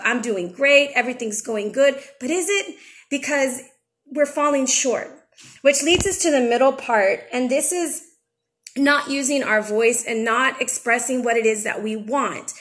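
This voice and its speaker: A young adult woman talks through a tarot spread in a loose, chatty way. She is frank and a little emotional. Her voice sits somewhat high for a woman. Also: a bit bright. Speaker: tarot reader and channel host. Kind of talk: casual spiritual chat with tarot reading.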